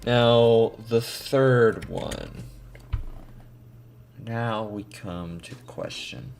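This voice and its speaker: A man streams himself editing a video, rambling casually to himself before breaking into sudden loud outbursts. His medium-pitched voice is gravelly, and he draws out his words.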